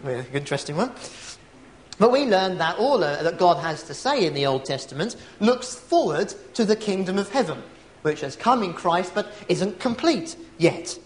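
A man's voice: high-pitched, sing-song, moderate pace, a little hiss or hum. A man preaching an evening sermon, reflective and asking rhetorical tag questions.

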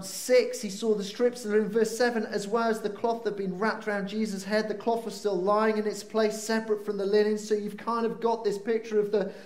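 A man preaching a lively sermon, swinging between excited bursts and hushed, slowed moments. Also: sits high. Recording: roomy echo.

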